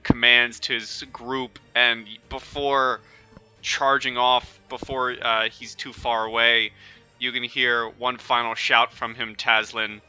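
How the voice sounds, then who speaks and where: A man narrating as dungeon master in a relaxed, rambling way with fillers. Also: medium pitch, slow, smooth, faint music behind. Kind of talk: narrating a tabletop game.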